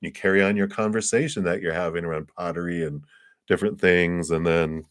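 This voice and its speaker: A man's voice: sits low, steady tone, brisk, no echo, studio quality. A man giving a live tarot card reading in a casual, chatty way, laughing often and acting out little scenes. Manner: acts out little scenes in quoted voices.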